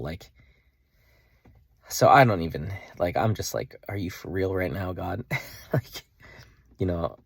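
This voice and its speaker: An earnest young man talks through an emotional personal story in a casual vlog, and he keeps circling back and restarting his sentences. His voice sits very low, with a gravelly, husky edge. The sound is dry and close. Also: no room sound. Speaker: vlogger.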